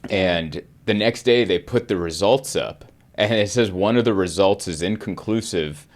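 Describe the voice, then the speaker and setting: A man with a low speaking voice tells a funny story on a podcast in easy, casual chat. He shifts into the voices of the people he quotes as he goes. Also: moderate pace. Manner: animated storyteller, acts out quotes with jumps in pitch. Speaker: podcast host and comedian.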